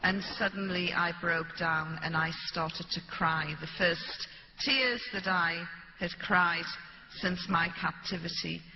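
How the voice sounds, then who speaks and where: A woman's voice: fairly low pitch, fairly even intonation, slow pace. A British woman speaking to an audience, telling a first-person story and acting out the people she quotes. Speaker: public speaker. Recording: dull, echoey hall recording with light hiss.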